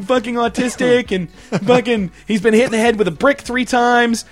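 A man's voice: sits high, quick pace, a bit bright, faint music behind. A man hosting a comedy show, ranting in a crude, rambling way and swearing constantly. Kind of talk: profane comedic rant.

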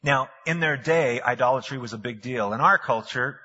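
A man's voice: mid-range voice, normal speed, pushed and bright. A man preaching a sermon, a pastor who tells the story in a folksy way with slang asides, recorded with long hall reverb and a dull, lo-fi sound.

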